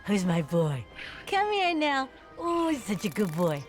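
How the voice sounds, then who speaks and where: An actress playing a calm, polite young woman heroine in a video game, with gentle, steady speech. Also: mid-range voice, unhurried. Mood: coaxing. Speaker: game character. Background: soft game music.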